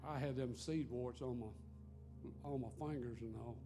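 A man tells a homespun story from the front of a church before leading communion. His voice is mid-pitched, and faint guitar music plays behind him. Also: fairly even intonation, normal speed. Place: church sanctuary.

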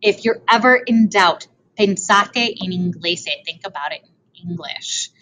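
A woman's voice: mid-range voice, unhurried, sharp tone, a little hiss or hum, low-quality recording. A woman teaching a language lesson over slides. She mixes Italian and English, repeats and translates each form, and adds playful asides.

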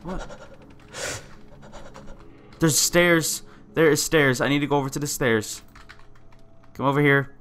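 A man giving let's-play commentary, excitable and swearing often as he reads on-screen text aloud. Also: on the high side, unhurried, pauses often. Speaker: gamer playing a survival game.

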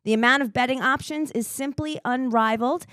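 Woman, upbeat ad read, somewhat high voice, dry close mic. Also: a little fast, a bit bright, dry recording. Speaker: co-host reading an ad.

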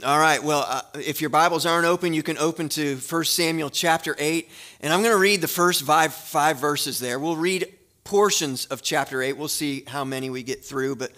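A man preaching a sermon as a guest pastor in a church, telling a story in a relaxed conversational way with fillers before a prayer. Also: a little high, normal speed. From Florida. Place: church sanctuary.

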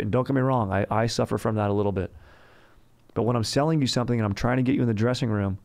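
A man's voice: mid-range voice, fairly quick, long pauses, darkish tone. A man hosting a comedic podcast monologue in a rambling, boastful bro manner, calling everyone dude and bro. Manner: rambling, boastful salesman banter. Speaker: podcast host.

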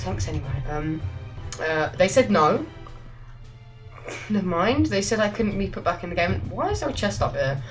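Give me a jokey woman chatting through a game, a little low in pitch, with faint music behind her. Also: poor audio. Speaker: gaming YouTuber. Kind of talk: casual let's-play commentary. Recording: quiet music under the voice.

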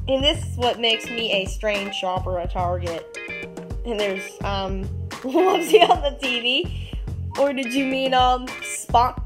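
A woman chatting casually as host, showing her drawings in a giggly, rambling way with many fillers. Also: on the high side. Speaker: channel host.

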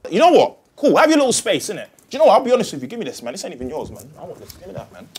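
A man's voice: extremely high pitch, huge pitch swings, rapid-fire, darkish tone, pitched above the performer's own voice, heavily acted. A man playing a huffy boyfriend. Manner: defensive, huffy, husky. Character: frustrated young boyfriend in argument.

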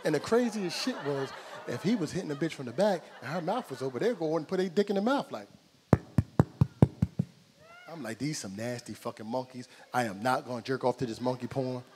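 A man's voice: mid-range voice, fairly quick, in a large hall, background noise. A middle-aged man from New Jersey doing a stand-up set in a club, acting out both sides of every exchange as he tells his stories. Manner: animated storytelling, acts out both sides of each exchange. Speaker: stand-up comedian. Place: comedy club stage with audience.

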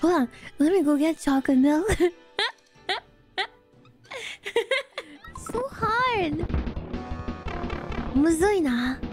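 A woman streaming casually, excitable and giggly, often squealing and laughing. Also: sits high, brisk, music in the background. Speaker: VTuber streamer. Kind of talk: casual livestream chat.

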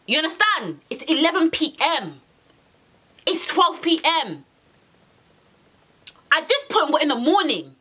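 A young woman telling a storytime to camera in an animated, exasperated way, repeating her phrases and using slang. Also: extremely high pitch, normal speed, long pauses. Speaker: vlogger. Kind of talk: storytime monologue.

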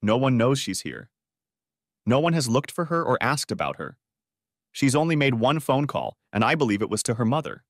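A man's voice: medium pitch, sing-song, normal speed, no room sound. A man voicing a courteous, formal county sheriff in an audio-book story, dry and close. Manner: polite, accommodating, formal. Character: courteous middle-aged male county sheriff.

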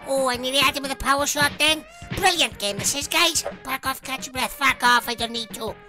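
A woman with a British accent commentating as she plays a video game, swearing constantly and shouting insults at her opponent. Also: high-pitched, brisk. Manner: foul-mouthed, shouting insults at the screen. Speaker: gamer. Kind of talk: let's play commentary. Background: game music.

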